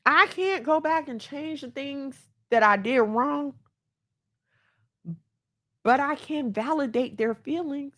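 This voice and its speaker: Her voice is high-pitched and a bit bright, and she takes it slowly with frequent pauses. She's a podcast host in her thirties, speaking candidly and emotionally to her listeners about family and self-love.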